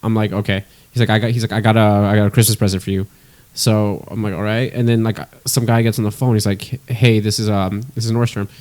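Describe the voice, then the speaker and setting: A young man co-hosting a podcast, telling an excited story in casual chat and swearing a lot. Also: lowish voice, fast. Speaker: podcast co-host.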